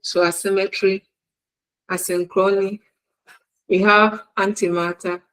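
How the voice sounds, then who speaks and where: Slow, deliberate woman lecturer. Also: mid-range voice, level tone, fairly bright tone, rough recording. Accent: Ghanaian English. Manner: slow, deliberate, repeating examples word by word. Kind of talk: recorded university e-learning lecture.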